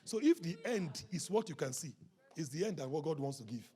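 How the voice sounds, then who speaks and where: A pastor delivers a sermon in a raspy, gravelly voice that sits a little high and swings widely in pitch. His pace is brisk, and he moves between hushed speech and loud shouting, at times praying in tongues.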